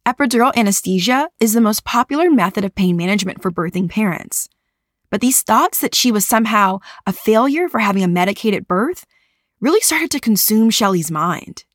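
A woman reading scripted narration in a measured, even way. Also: mid-range voice, no room sound, clean studio sound. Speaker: podcast narrator.

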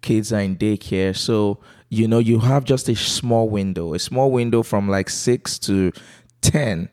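A man's voice: lowish voice, unhurried, darkish tone, no room sound, clean studio sound. A man, a comedian and MC, chatting casually as a podcast guest. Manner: playful, puts on a Nigerian accent then slips out of it.

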